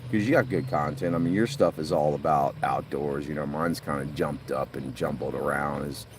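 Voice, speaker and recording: His voice is very deep and sounds far from the mic, with background noise around it as he talks at a moderate pace. The middle-aged man is livestreaming by a lake on his phone, laughing frequently as he meanders from story to story.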